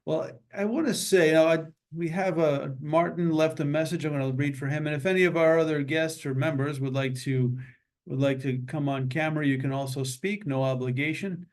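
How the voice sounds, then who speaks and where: A man hosting an online memorial meeting over a video call, talking in a relaxed, joking and meandering way. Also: a little high, fairly quick. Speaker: meeting host. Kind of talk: casual memorial meeting chat.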